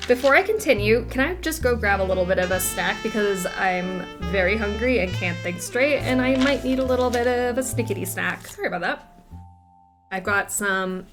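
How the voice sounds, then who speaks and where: Chatty woman playing a mystery game. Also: medium pitch. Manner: chatty, thinks out loud. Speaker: gaming streamer. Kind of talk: casual let's-play commentary, reading game text aloud.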